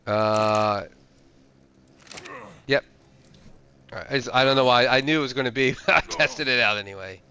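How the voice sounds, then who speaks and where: Bright-voiced man rambling over gameplay. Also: medium pitch, normal speed, pauses often, slight background noise. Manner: rambling, thinks aloud with many fillers. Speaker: streamer. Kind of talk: casual gameplay commentary.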